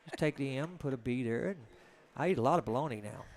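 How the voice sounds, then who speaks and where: A man's voice: medium pitch, expressive, fast talker, darkish tone, slight background noise. A man with a Southern US accent from Georgia, chatting in a rambling, joking way as a commentator on a live pool stream. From Georgia, USA. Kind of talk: casual live-stream chat.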